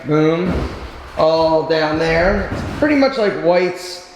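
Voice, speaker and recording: A man's voice: on the high side, animated, slow pace, background noise. A man telling a personal story on his vlog, emotional and rambling, with lots of fillers. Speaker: vlog host.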